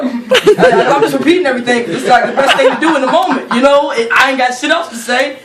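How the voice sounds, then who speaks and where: A young woman casually telling a funny story to friends, animated and profane, often laughing as she talks. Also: on the high side, quick pace, few pauses. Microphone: camera held by a friend. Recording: roomy sound from a distant camera, faint noise.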